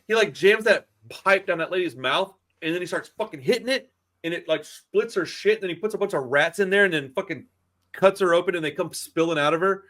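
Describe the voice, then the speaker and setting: Hyped guy ranting about a movie, swears a lot, voice sits a bit high. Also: a little fast. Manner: excitable, profane, slangy. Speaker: podcast co-host. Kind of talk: casual film review chat.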